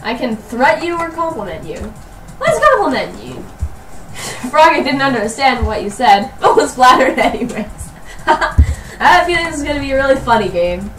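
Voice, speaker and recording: A woman's voice: high voice, big pitch swings, moderate pace, a bit bright. A woman voicing a cheerful young female toy horse playing a game, bubbly, giggly and playfully sarcastic. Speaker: let's play player. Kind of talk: let's play commentary. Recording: roomy, distant mic, background music.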